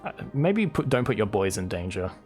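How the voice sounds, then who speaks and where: A man's voice: fairly low pitch, sing-song, normal speed, a little mellow, soft background music. A male game streamer reading game text aloud with wry asides during live gameplay commentary.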